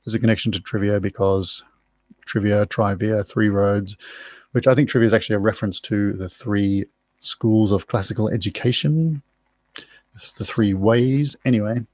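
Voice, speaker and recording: A man's voice: on the low side, steady tone, moderate pace, a little mellow, no room sound. A man hosting a live online pub quiz from home, chatty and rambling with self-mocking asides. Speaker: quiz host. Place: room at home.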